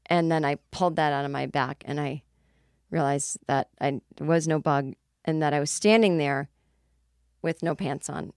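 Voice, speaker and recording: Woman host in her forties, lower voice, dry close mic, casual animated storytelling. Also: normal speed, dry recording. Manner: animated storyteller with shrieked outbursts. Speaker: podcast host.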